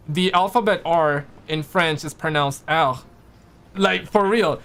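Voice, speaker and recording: A young man from Quebec hosts a livestream in a relaxed, rambling way, greeting viewers and answering chat as he goes. His voice sits high for a man. A faint background hum runs under his talk. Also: normal speed. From Quebec, Canada. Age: young adult. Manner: relaxed, chatty, reads chat aloud. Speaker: livestream host.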